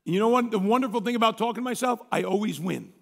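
A male pastor with a voice that sits high delivers a fast, conversational, folksy sermon, reading a story aloud and clearing his throat often. The recording has a big-room sound.

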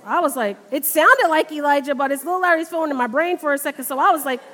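Woman, middle-aged, preacher, high voice, conversational sermon, long church reverb. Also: fast talker, hardly any pauses. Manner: conversational, animated in retold dialogue. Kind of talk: sermon with personal testimony. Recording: long reverb of a large hall.

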